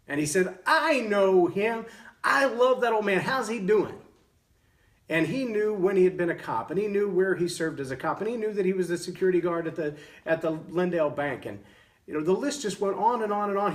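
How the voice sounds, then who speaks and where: A man's voice: on the high side, far from the mic. A middle-aged man from Texas, hosting a motivational talk and telling a story in an earnest way, often restarting his words. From Texas, USA. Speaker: show host giving leadership lessons.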